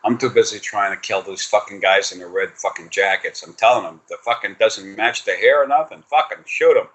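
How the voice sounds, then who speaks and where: A man's voice: on the low side, brisk, fairly bright tone, low-quality recording. A man giving a casual spiritual reading over a video call, rambling and swearing, with many fillers and restarts. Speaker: spiritual reader.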